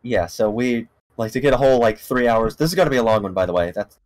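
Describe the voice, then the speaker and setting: A podcast co-host chatting in a very lively, up-and-down voice. They ramble and joke, slipping into little performances of what others said. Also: mid-range voice, quick pace. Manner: rambling, joking, acts out quotes. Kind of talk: casual chat.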